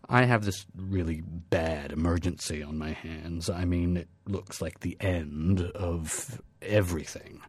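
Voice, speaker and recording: Anxious, hesitant leader on a phone call, subdued and low, male reader doing the voice. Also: big pitch swings, normal speed, no echo. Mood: nervous pleading. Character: male world president, nervous and pleading.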